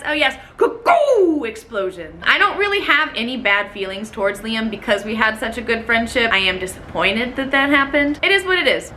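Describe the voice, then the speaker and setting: A woman vlogger recounts a story with a bright, ringing voice that sits a little high. She tells it dramatically, with big swoops in pitch as she acts out the moments. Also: a little hiss or hum. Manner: animated, dramatic, acts out quotes. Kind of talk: storytelling vlog.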